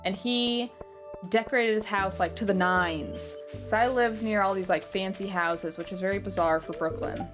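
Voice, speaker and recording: A woman's voice: mid-range voice, moderate pace. A woman from New York in casual chat while playing a farming game, chatty and blunt with casual swearing. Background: game music.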